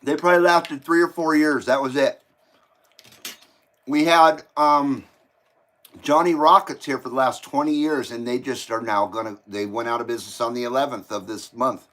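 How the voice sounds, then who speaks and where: A man's voice: mid-range voice, steady tone, normal speed, fairly bright tone. A man hosting a casual live stream from home, reading out viewer comments and chatting while he eats. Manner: chatty, talks while eating. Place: home, indoors.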